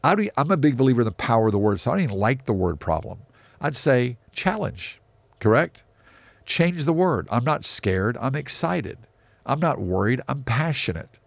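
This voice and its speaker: A man's voice: mid-range voice, big pitch swings, moderate pace, vocal fry, no echo. A middle-aged man, a real estate investor, answering interview questions in an emphatic, motivational way that repeats key phrases.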